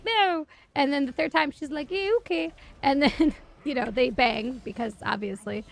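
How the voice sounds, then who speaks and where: A woman streamer casually retelling stories while gaming, sarcastic and profane, animated. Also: a little high.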